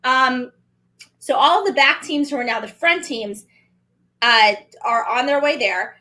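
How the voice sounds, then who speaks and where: Woman co-host, 30s, high voice, chatty and animated, casual recap talk. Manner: chatty, animated, quick asides. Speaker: podcast co-host.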